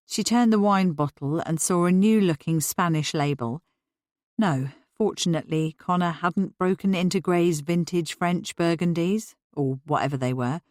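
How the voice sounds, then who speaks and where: A woman narrating a novel as an audiobook in an even, measured way. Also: on the low side, no room sound, clean studio sound. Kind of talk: scripted narration.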